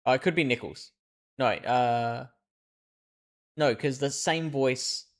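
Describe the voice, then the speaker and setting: A man's voice: medium pitch, slow pace. A male streamer giving live commentary on a game, thinking aloud and reasoning through clues.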